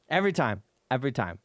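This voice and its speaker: A man streamer telling casual stories on a live stream, animated, swearing and laughing often. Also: medium pitch, background noise.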